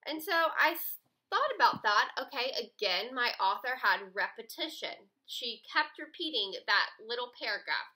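A woman teacher talks young students through a story in a recorded mini lesson. Her voice sits a little high and sounds bright and crisp. She plays up the big moments with gasps and dramatic pauses. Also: low-quality recording. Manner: expressive, gasps for dramatic effect.

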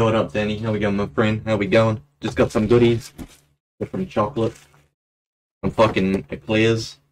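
A man's voice: fairly low pitch, slight background noise. A young man chatting casually while live-streaming a game, laughing often and breaking into playful auctioneer calls. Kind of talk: live gameplay stream commentary.

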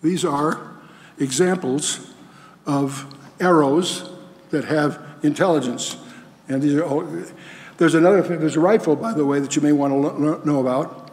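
A man's voice: on the high side, steady tone, moderate pace, darkish tone. A man giving a lecture-style Bible teaching with slides, emphatic and full of rhetorical questions and restarts. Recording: long hall reverb.

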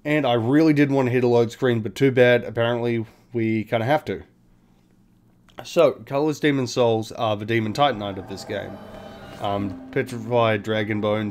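A man's voice: medium pitch, a little mellow. Casual swearing man narrating gameplay. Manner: swears freely, thinks aloud, explains mechanics. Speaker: gaming video host.

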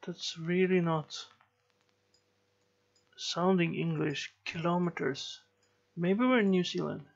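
A man giving slow let's play commentary, musing and thinking aloud as he plays. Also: high voice, steady tone, creaky, highs cut off. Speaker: gameplay commentator.

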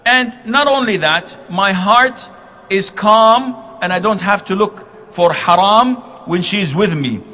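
A man giving a religious lecture, telling stories with quoted dialogue and gentle self-deprecating humor. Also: sits high, slow pace, a little hiss or hum. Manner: animated storytelling with quoted dialogue. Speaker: Islamic preacher. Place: lecture hall.

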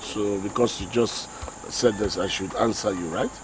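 A suspicious, sarcastic Nigerian gatekeeper, played by a man, questioning a visitor in a film drama. His voice sits low, with loud music running under it. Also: normal speed, natural voice, low-quality recording.

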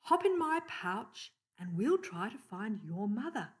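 A woman voicing a kind, motherly female red kangaroo in a storybook reading, in a gentle, soothing tone. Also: mid-range voice, sing-song, unhurried, voice pushed up. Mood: kindly.

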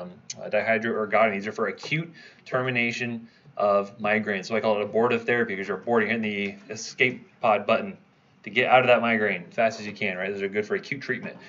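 A pharmacology instructor with a lowish, somewhat bright voice leads a review lecture, quizzing students and checking in with "right?" as he goes. The high frequencies in the audio are cut off.

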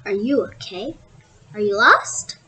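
A woman's voice: medium pitch, expressive, slow pace, pushed and bright. A woman voicing a kind, motherly female mole in a storybook, calling the listener dearie. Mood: kindly. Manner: motherly, calls others dearie.

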